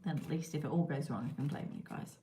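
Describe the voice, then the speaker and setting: Woman streamer, low-ish voice, chatty and rambling, roomy echo with noise behind. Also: fast, warm tone. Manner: chatty, talks to viewers and reads their comments. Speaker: livestream host. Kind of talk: casual livestream chat. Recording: echoey room with clear background noise.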